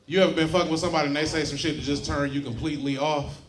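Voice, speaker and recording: A man's voice: on the high side, steady tone, very fast. A man doing a brash, profane stand-up comedy set in a club, often laughing at his own jokes. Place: comedy club stage before a live audience. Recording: roomy club with loud crowd laughter.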